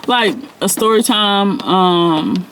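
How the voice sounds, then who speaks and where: A man's voice: high-pitched, slow pace, a bit bright, a little hiss or hum. A man who works as a spiritual mentor, talking casually and directly to his viewers in a loose, rambling, heartfelt way, with lots of slang and fillers. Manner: slangy, everyday speech. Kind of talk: casual direct-to-camera vlog talk.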